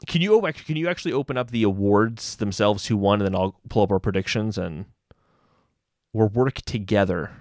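A man hosting a casual podcast chat, relaxed and laughing easily. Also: on the low side, brisk, dry recording, studio quality. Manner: relaxed, easy laughs, hedging fillers. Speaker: podcast host.

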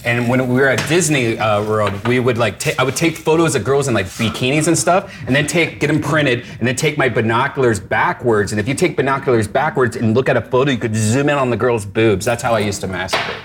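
A man's voice: medium pitch, brisk, few pauses, a bit bright. A man, a podcast co-host, telling odd stories in a matter-of-fact, casual way. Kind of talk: casual storytelling banter. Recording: noisy background.

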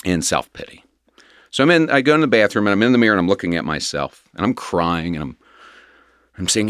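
A man's voice: on the low side, expressive, fairly bright tone, dry recording, clean studio sound. A middle-aged man earnestly telling his personal recovery story in a candid, rambling conversational way. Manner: earnest, emotional, rambling with restarts and quick laughs.

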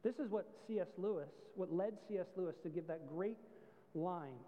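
A man's voice: high-pitched, normal speed, in a large hall, muffled recording. A male pastor giving a sermon, talking conversationally and explaining with everyday stories. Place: church.

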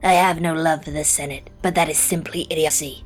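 A male narrator voicing a fierce, blunt gorgon queen with a husky voice and curt delivery. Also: on the high side, steady tone, fairly quick, soft background music, natural voice. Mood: scornful. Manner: curt and forceful.

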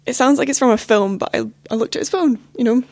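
A young woman appearing as a podcast guest tells a personal story candidly but hesitantly, filling it with lots of "like" and "you know." Her voice is a little high and darkish in tone, she talks quickly, and there's no echo.

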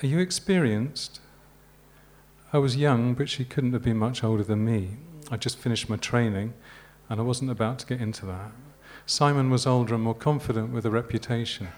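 A man from Yorkshire, an author reading his novel aloud at a live literary event in a measured, unhurried way. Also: mid-range voice, fairly even intonation, a little mellow. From Yorkshire, England.

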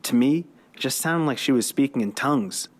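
A man's voice: mid-range voice, expressive, a little fast. Author narrating his own story, dry and wry. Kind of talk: reading his own fiction aloud.

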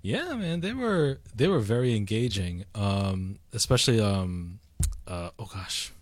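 A man's voice: on the low side, lively intonation, measured pace, dry recording. A man co-hosting a casual chat, rambling with lots of fillers and restarts. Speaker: podcast co-host.

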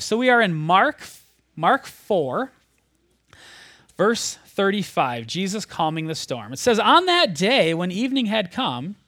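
A man preaching a sermon, retelling a scripture story in a conversational, animated way, sometimes dropping almost to a whisper. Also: high voice, no echo, clean studio sound.

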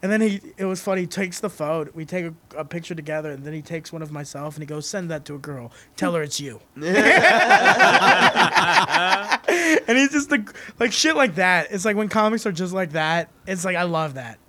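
A man with a notably high voice chats casually about comedy and tells an animated story. He jumps between loud excited bursts and quiet asides, swearing freely as he goes. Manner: animated storyteller, heavy swearing, quick shifts in loudness. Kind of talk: casual chat.

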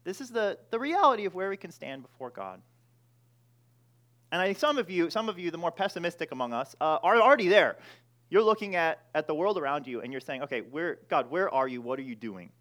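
A man preaching, who prays quietly and then teaches a small group in a relaxed, conversational way, often restarting his sentences. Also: high voice, fairly quick. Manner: prays softly, then teaches in a casual, joking way with many restarts. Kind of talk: sermon.

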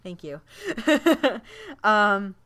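A woman hosting a casual podcast, her speech loose and chatty. She laughs often between rambling announcements, and her voice sits in a middle pitch. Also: sing-song, extremely slow, fairly bright tone. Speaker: podcast co-host.

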